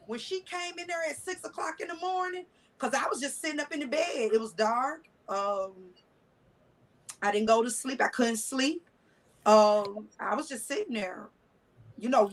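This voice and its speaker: A woman's voice: high-pitched, low-quality recording. A woman guest telling a personal story in a candid, blunt, colloquial way, with cussing and restarts.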